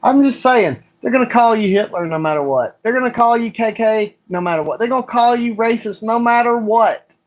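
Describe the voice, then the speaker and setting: Male livestream host, higher-pitched, heated ranting delivery built on repeated rhetorical questions. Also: lively intonation, brisk. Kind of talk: solo livestream monologue.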